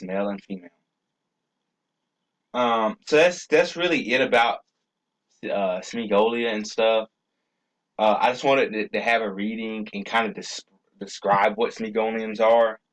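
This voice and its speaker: A man's voice: lowish voice, a bit bright, poor audio. A young man chatting casually to his viewers, loose and rambling, with many fillers, stammered restarts and cussing. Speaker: video creator. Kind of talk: casual rambling vlog talk.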